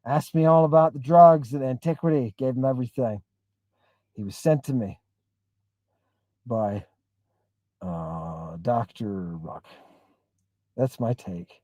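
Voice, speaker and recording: A man's voice: medium pitch, slow pace, pauses often, warm tone, no echo. A man hosting a livestream, talking emphatically and in a rambling way, reading and answering viewer comments. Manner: emphatic, rambling, keeps asking "right?". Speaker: host. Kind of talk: livestream talk with chat.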